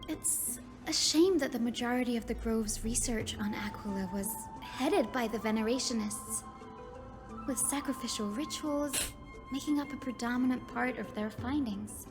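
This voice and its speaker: An actress voicing a young woman scholar and assistant lecturer in a game, explaining in a clear, measured way. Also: on the high side, natural voice. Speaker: game character. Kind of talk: game voice acting. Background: game music.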